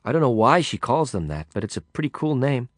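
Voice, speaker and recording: Man reading as a young woman, soft raised voice, audiobook dialogue, dry close sound. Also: medium pitch, very animated, fairly quick, dry recording, pitched above the performer's own voice, lightly acted. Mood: chatty. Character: young woman, friendly then shaken and numb.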